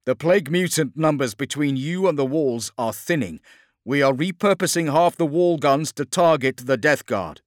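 A man voicing a male sergeant giving a formal report over a field radio in an audiobook, raised and crisp. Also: fairly high pitch, normal speed, no room sound, studio quality, voice pushed up, close to an everyday voice.

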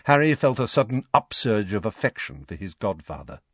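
A man reading an audiobook as narrator, in an expressive storytelling manner. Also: on the low side, a little fast, slightly rough, dry recording, studio quality. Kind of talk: scripted narration.

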